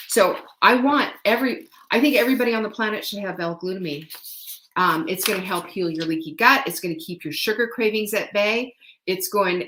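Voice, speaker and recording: A woman's voice: fairly low pitch, fairly bright tone, echoey room. A woman hosting a live-stream product sale, gushing and chatty as she talks straight to her viewers. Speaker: live sales host.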